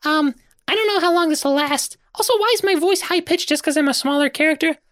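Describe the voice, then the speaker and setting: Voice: high voice, fast, a bit bright, no echo, studio quality, pitched above the performer's own voice. A player voicing a small woman shrunk into a wallet, talking hesitantly with lots of fillers. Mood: bemused.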